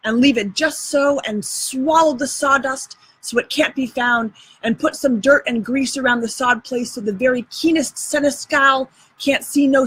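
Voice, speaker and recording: A woman's voice: high voice, fairly bright tone, slightly rough, full character voice, poor audio. A woman reading aloud and voicing a bossy, show-off boy adventurer in a drawling folksy dialect.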